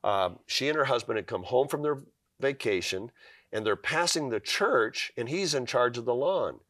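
A man's voice: mid-range voice, animated, normal speed, a bit bright, dry recording, clean studio sound. A man giving a devotional talk, telling a story earnestly and quoting scripture. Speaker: Christian speaker.

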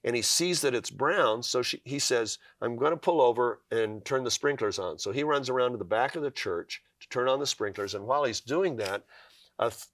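A man's voice: mid-range voice, normal speed, a bit bright, no echo, clean studio sound. A man giving a devotional talk, telling a story earnestly and quoting scripture. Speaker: Christian speaker.

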